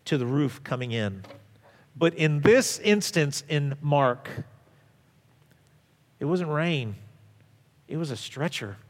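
A middle-aged man preaching a sermon as pastor, telling stories and swinging from loud emphasis to hushed asides. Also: medium pitch, in a large hall.

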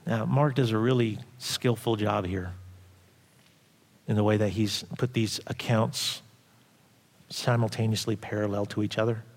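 A man preaching a sermon as pastor, animated, acting out quoted voices loudly and dropping to quiet asides. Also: on the low side, a little slow, long pauses. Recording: long hall reverb.

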